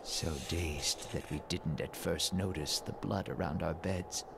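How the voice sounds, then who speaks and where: A man voicing a hunched, decaying, half-mad male scholar in a game, speaking in broken, halting bursts. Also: low-pitched, fairly even intonation, creaky. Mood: haunted. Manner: broken, halting, fervent delivery. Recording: audible background hiss.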